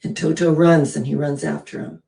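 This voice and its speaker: A woman minister giving a sermon, telling a story with lively rhetorical questions and sudden drops to a hushed, breathy near-whisper. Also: low voice, normal speed.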